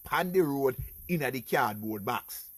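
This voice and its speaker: A middle-aged Jamaican man telling his own life stories in a casual vlog, animated and talking to his viewers as "people". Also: mid-range voice, a little slow, a little hiss or hum. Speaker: vlogger. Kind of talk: casual storytelling.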